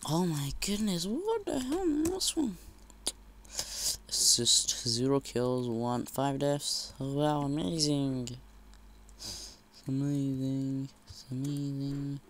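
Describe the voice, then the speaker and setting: Excitable man commenting gameplay. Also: on the high side, slow, slight background noise. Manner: excitable, swings from shouting to muttered whispers. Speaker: gamer commentator.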